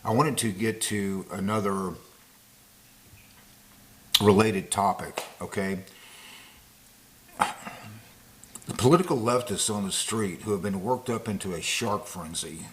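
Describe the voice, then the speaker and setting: A man's voice: lowish voice, takes it slowly, pauses often, a bit bright. A man giving casual spoken commentary to camera, rambling and digressive, with frequent fillers and restarts. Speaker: political commentator.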